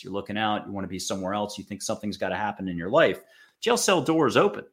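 Speaking quickly and with animation in a fairly low voice, an American spiritual speaker chats casually with an audience. He gives voice to small quoted lines as he talks.

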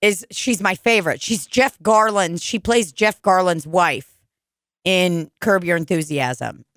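A woman's voice: lowish voice, slow pace, dry recording, studio quality. A young woman hosting a podcast, chatting casually, swearing often and laughing as she rambles through stories. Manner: profane, laughing, rambling storyteller. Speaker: podcast host.

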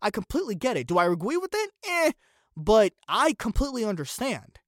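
A man's voice: sits high, big pitch swings, brisk, no room sound, clean studio sound. A man hosting a solo commentary podcast, opinionated and sarcastic, firing off one rhetorical question after another. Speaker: podcast host.

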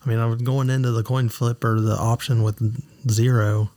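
A man co-hosting a podcast in casual chat, chiming in with short, flat remarks. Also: medium pitch, moderate pace. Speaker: podcast co-host.

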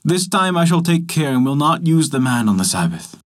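A man's voice: on the high side, big pitch swings, normal speed, voice pushed up. A man voicing a solemn, wise old rabbi who speaks in archaic phrasing, in a storybook reading.

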